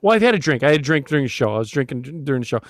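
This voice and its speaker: A man's voice: mid-range voice, sing-song, racing, dry recording. A man hosting a talk show, telling a long story with frequent laughs and restarts. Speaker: podcast host. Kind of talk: casual storytelling chat.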